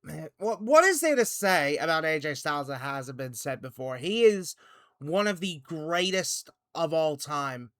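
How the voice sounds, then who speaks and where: A man co-hosting a casual podcast, talking in a measured, earnest way. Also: a little high, very animated, bright, forceful tone, dry recording, studio quality. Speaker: podcast co-host.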